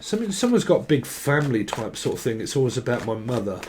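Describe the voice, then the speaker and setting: A man's voice: medium pitch, very animated, fast talker, noisy background. A man giving a rambling tarot reading, jumping between word associations, sung snatches and frequent laughs. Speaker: tarot reader. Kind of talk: casual channelled tarot reading.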